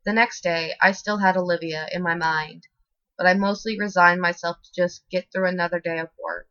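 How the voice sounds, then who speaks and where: A woman reading a horror story as scripted narration in a steady, expressive way, in a slightly muffled dry recording. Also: lowish voice, moderate pace, dry recording.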